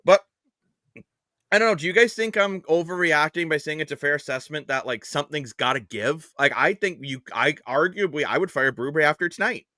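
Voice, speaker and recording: A man's voice: on the high side, brisk, pushed and bright, dry recording, studio quality. A man hosting a casual post-game sports panel, blunt and opinionated with a joking streak. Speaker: host.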